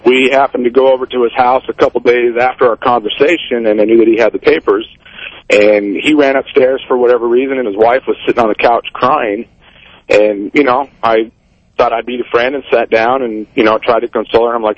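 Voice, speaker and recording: A man's voice: mid-range voice, fairly even intonation, fairly quick, no room sound. Male caller on a dull lo-fi line. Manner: casual storytelling. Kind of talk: phoned-in anecdote.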